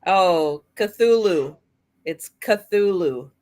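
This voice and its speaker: A woman's voice: on the low side, animated, drawn-out words, warm tone. A woman guest in a casual live chat, dry and teasing.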